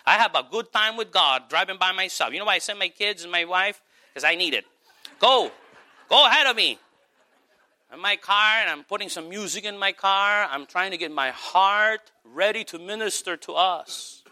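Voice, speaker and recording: A man preaching a sermon as pastor, emphatic, swinging between shouts and soft asides. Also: high-pitched, moderate pace.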